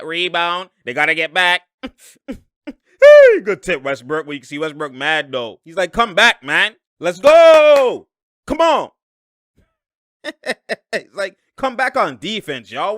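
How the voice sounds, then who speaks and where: Bright, laughing man breaking down game film. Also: on the high side, clear, resonant tone, dry recording, studio quality. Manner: animated, laughs often, slangy, acts out players' reactions. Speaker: basketball analyst and channel host.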